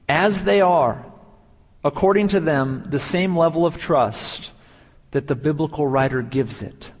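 A man's voice: on the high side, in a large hall. A man preaching a sermon as pastor, building emphasis through repeated phrases.

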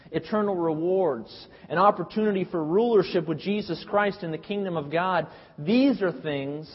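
Husky man preaching in a reverberant hall. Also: high-pitched. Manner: emphatic, preacherly, with acted quotes. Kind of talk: sermon. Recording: dull lo-fi audio with long hall reverb.

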